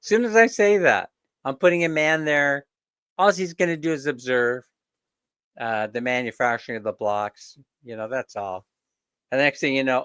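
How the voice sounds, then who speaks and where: A man's voice: a little high, normal speed, pauses often, pushed and bright, clear, resonant tone, no room sound, clean studio sound. A man hosting a casual live chat with viewers, telling stories, chuckling often, and mimicking the people he quotes. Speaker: host.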